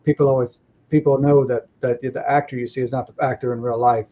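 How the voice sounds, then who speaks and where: A man's voice: mid-range voice, little pitch movement, quick pace, dark tone, lo-fi sound, a little hiss or hum. A man talking over a call as a guest on a livestream, in a rambling, reflective way full of "you know.". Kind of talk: casual conversation.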